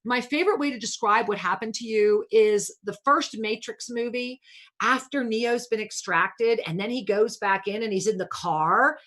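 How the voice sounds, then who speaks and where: A woman's voice: fairly high pitch, normal speed, fairly bright tone. Affectionate woman spiritual radio host. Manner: soothing, affectionate, calls caller pet names. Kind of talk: spiritual talk radio coaching.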